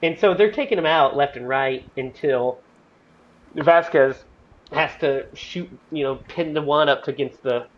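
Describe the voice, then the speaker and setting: A man hosting a podcast, chatting casually and excitedly about a film, rambling with lots of fillers. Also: on the high side, unhurried, dull audio. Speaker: podcast host. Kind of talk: casual movie review chat.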